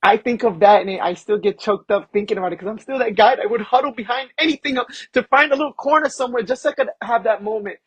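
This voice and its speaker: A man being interviewed as a guest, a film producer telling animated personal stories and acting out what people said. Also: high-pitched, fast talker, hardly any pauses, slightly rough, no room sound, poor audio. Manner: animated storyteller who acts out quotes. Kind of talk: casual interview storytelling.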